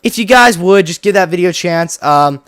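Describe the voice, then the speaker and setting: Lively, rambling young-sounding gaming host. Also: male voice, sits high, moderate pace, clean tone, dry recording, studio quality. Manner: rambling, chatty, heavy use of "like". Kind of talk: casual gameplay commentary.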